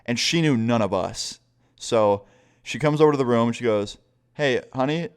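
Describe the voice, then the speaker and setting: A man's voice: mid-range voice, moderate pace, clear, resonant tone. A young man telling a casual storytime vlog in a loose, profane way, laughing now and then. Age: young adult. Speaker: vlogger.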